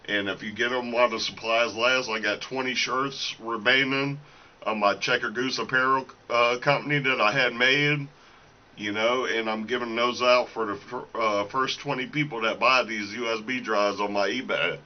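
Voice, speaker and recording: Speaking at a moderate pace with fairly even intonation, the man has a mid-range voice, and the highs are cut off. He's vlogging informally from his small home recording room using the camera's built-in mic, an independent musician and small seller who rambles, fills gaps with fillers, restarts a lot, and is a bit out of breath.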